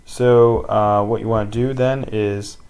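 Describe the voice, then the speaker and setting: A man teaching a casual screen-recorded tutorial, rambling with many pauses and ums. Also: lowish voice, fairly even intonation, darkish tone, a little hiss or hum, rough recording.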